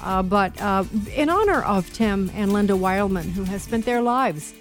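A woman's voice: medium pitch, animated, normal speed. A woman hosting a radio talk show, speaking emphatically and admiringly. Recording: dry studio with faint music.

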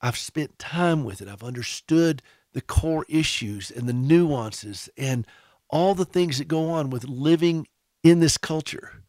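A man's voice: on the high side, lively intonation, a little slow, darkish tone, dry recording, studio quality. A man hosting a radio show, talking earnestly and conversationally to caregivers. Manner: earnest, conversational, with frequent restarts. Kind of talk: casual radio talk to caregivers.

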